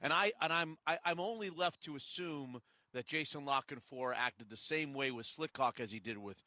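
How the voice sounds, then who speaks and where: Male radio host, bright tone, rambling, teasing studio banter, a bit high. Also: normal speed, dry recording. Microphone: studio microphone.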